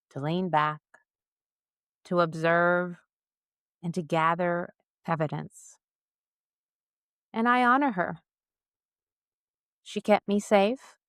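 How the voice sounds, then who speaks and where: A middle-aged woman co-hosting a podcast, speaking in a slow, measured, reflective way and leading a spoken closing prayer. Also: lowish voice, fairly bright tone, clean tone, no room sound, clean studio sound. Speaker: podcast co-host.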